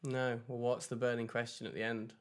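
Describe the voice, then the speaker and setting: A man's voice: mid-range voice, level tone, fairly quick. Man, casual podcast chat, rambling storyteller, recovering from flu. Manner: rambling storyteller, lots of fillers, laughs at his own stories. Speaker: podcast co-host.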